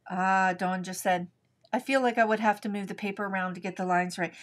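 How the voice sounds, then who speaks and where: A woman's voice: mid-range voice, steady tone, a little fast. A middle-aged woman hosting a live watercolor painting tutorial, chatting and thinking aloud as she works. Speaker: art instructor.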